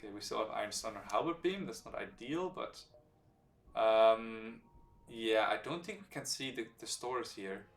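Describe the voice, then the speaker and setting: A man streaming a strategy game live, explaining its mechanics as he plays, relaxed and hesitant with many fillers. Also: on the low side, normal speed. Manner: explains game mechanics while thinking aloud. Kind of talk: live gameplay commentary. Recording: roomy sound from a distant mic, faint background music.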